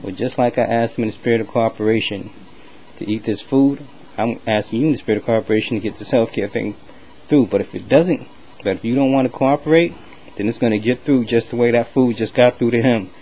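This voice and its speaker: A man voicing a male president who speaks calmly, with a measured, cold menace. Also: mid-range voice, lo-fi sound, slight background noise, natural voice. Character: cool, commanding male president, coldly intimidating.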